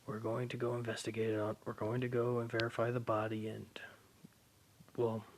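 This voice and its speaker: A hoarse man with a sore throat voicing a calm, firm adult man who speaks steadily and softly in a husky voice. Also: on the low side, moderate pace, slight background noise, natural voice. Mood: soothing. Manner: steady, soothing, often hushed.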